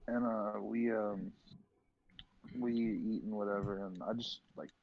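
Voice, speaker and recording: A man's voice: on the low side, fairly even intonation, measured pace, slight background noise. A young man guesting on a podcast, chatting laid-back and blunt, cursing casually. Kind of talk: casual chat. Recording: dull lo-fi sound.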